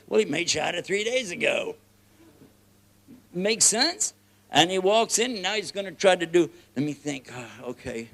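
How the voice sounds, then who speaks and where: A man with a Texan accent preaching a lively, joking sermon, often laughing and swinging between loud and soft. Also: sits high, moderate pace, creaky. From United States.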